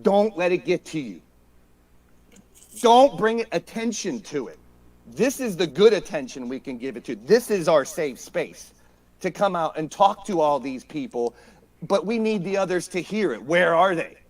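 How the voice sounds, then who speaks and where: A high-voiced man, fired up and ranting on a casual podcast. He swears often and repeats his points again and again for emphasis. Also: big pitch swings, moderate pace. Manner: profane, emphatic, repeats himself. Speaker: podcast guest.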